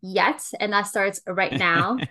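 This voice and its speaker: A woman hosts a podcast with eager, gushing warmth in her words, her pitch sitting in an ordinary middle range. She talks in a loose, chatty way, piling on praise for her guest. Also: fairly even intonation, slow pace. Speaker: podcast host. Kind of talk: casual podcast interview.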